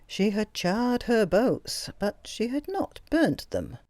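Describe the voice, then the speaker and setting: A woman narrating a novel aloud as an audiobook, in an expressive storytelling manner. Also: medium pitch, slow pace, no echo. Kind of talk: scripted narration.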